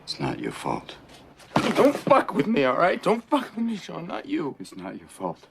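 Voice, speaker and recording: An actor playing a troubled young man who whispers and then shouts in a film scene, heard as a noisy clip. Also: a bass voice, animated, moderate pace, creaky, heavily acted. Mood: raw, breaking. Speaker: film character in an emotional scene.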